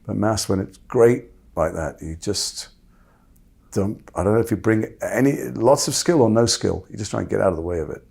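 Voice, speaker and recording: A man telling candid stories about his acting work in a fast, animated, self-interrupting way. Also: fairly low pitch, gravelly, slightly rough. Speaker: actor guest. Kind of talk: candid conversational storytelling.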